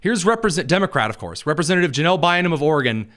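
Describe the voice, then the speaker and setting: A man hosts a political commentary show in a slightly raised, animated voice that leaps up and down in pitch. He talks with biting sarcasm and scorn, spelling out his points as if explaining the obvious. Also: racing. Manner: sarcastic and mocking, lively delivery.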